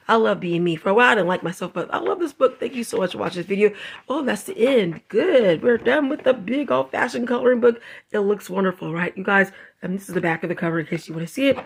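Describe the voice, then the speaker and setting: A woman's voice: mid-range voice, lively intonation, fairly quick, slightly rough. A woman hosting a casual craft vlog, reviewing a coloring book in a chatty, effusive, sassy way and laughing often. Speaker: craft channel host.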